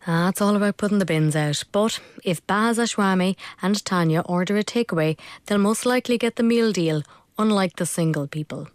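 A woman's voice: mid-range voice, a little fast, no room sound, studio quality. A woman presenting a radio show, reading scripted links between clips with a wry delivery.

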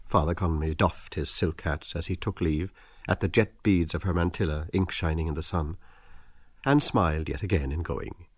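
A man narrating an audiobook in a measured, expressive literary reading. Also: deep voice, husky, no room sound, studio quality. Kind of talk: scripted narration.

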